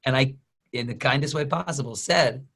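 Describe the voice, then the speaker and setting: A man giving a motivational talk as a business coach on a group video call, telling stories with lively energy and acting out quoted voices. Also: mid-range voice, moderate pace, vocal fry.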